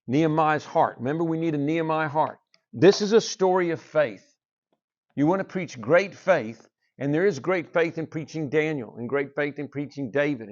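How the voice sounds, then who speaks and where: A man preaching from the pulpit as pastor, his voice sitting a little high for a man. He drives his points home through repetition and rhetorical questions. The recording sounds dull and lo-fi. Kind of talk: sermon.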